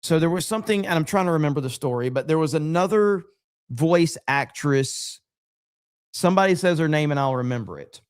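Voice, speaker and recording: Blunt, profane male host, slightly higher voice, casual livestream storytelling. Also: expressive, fairly quick, clean tone. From USA. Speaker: podcast host.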